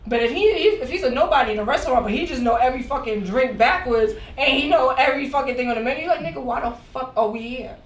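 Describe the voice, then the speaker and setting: Woman, high voice, emphatic, swearing, casual podcast talk, roomy echo, distant mic. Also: very fast, few pauses. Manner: emphatic, swearing, interrupts with repeated "no, no". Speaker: podcast co-host. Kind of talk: casual group chat. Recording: echoey room, distant mic, faint noise.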